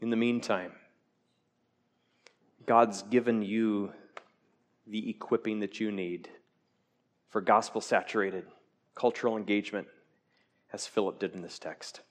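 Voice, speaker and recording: A man preaching a sermon to his church, joking with the congregation and swinging from loud peaks to hushed lines. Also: fairly low pitch, fairly even intonation, measured pace, long pauses, big-room sound. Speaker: pastor.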